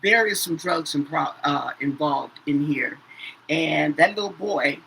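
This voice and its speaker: A woman's voice: deep voice, a little slow, creaky, a bit bright, slight background noise, low-quality recording. Chatty woman reading tarot cards. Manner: says "okay?" after nearly every phrase, repeats herself. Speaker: tarot reader. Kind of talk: casual tarot reading to viewers.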